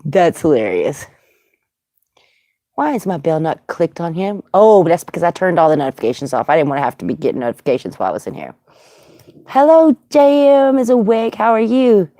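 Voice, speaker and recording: A woman's voice: on the low side, big pitch swings, normal speed, dark tone, dry recording, studio quality. A woman hosting a casual livestream, chatty and greeting viewers by name. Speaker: livestream host.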